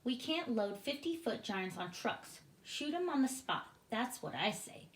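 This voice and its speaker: A woman's voice: on the high side, sing-song, a little slow, pitched above the performer's own voice. Brief: blustering, short-fused army general man, read by a woman, storybook, echoey room. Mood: indignant. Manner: indignant, snapping. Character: blustering male army general, hot-tempered. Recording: roomy echoing room.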